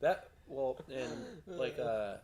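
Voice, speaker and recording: A man co-hosting a casual car podcast, explaining in halting phrases with many fillers. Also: mid-range voice, expressive, crowd noise. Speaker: podcast co-host. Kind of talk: casual shop-talk podcast.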